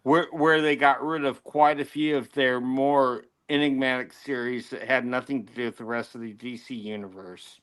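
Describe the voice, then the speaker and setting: A man's voice: medium pitch, fairly even intonation, normal speed, hardly any pauses, a bit bright, clear, resonant tone. A man co-hosting a casual talk show, enthusiastic and fond of quizzing his co-hosts with questions. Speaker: co-host. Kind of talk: casual chat.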